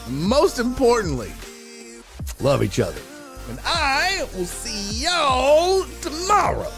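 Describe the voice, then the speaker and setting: A man hosting a casual sports talk live stream, joking, swearing and laughing often while reading viewer comments, his voice a bit rough and hoarse. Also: very high-pitched, huge pitch swings, takes it slowly, over music. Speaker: sports talk show host.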